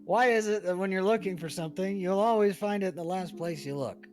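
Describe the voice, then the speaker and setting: A male AI chatbot rattles off edgy stand-up bits with punchy setups and an upbeat lift, as a man reads its replies aloud. The voice sits a little high, with music faint behind it. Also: fairly quick, a little mellow, lightly acted. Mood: joking.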